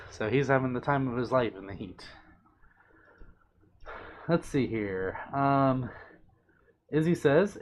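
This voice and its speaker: A man's voice: medium pitch, a little hiss or hum. A young man hosting a casual livestream, reading out viewer comments and answering them in a chatty, affectionate, playful way. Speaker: livestream host.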